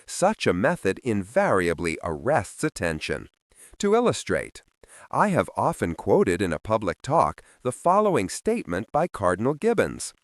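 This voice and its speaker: A man's voice: lowish voice, wildly swooping pitch, normal speed, no room sound, clean studio sound. A man narrating a self-help audiobook in an emphatic, instructional reading style.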